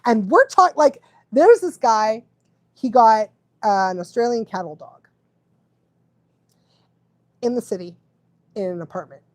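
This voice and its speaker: A woman's voice: on the high side, animated, unhurried, pauses often, no room sound. A woman dog trainer giving casual live advice, chatty, often laughing and checking in with the listener.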